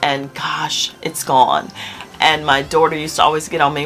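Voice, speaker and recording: An older woman talking to her viewers in an emotional vlog, swinging between hushed lines and emphatic ones. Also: low voice, moderate pace, soft background music. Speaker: YouTube content creator.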